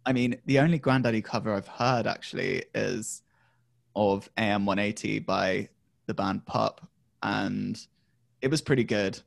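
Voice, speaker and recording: Male co-host, low gravelly voice, dry close mic, rambling talk. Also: unhurried, dry recording. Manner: rambling, many ums and restarts. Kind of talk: casual music chat.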